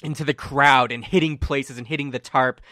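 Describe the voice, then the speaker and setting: A man's voice: mid-range voice, fairly even intonation, normal speed, bright, forceful tone, dry recording, clean studio sound. A man acting as game master, narrating a tabletop game casually with many fillers.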